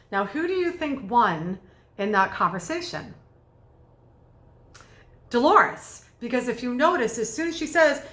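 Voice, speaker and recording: A woman communication coach giving energetic, conversational commentary in quick bursts. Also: on the high side, reverberant. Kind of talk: video lesson commentary.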